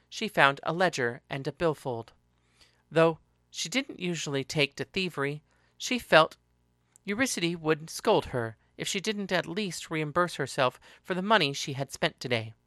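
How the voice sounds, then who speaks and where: A man narrating a story aloud in a steady, expressive reading voice. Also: on the high side, no echo, clean studio sound.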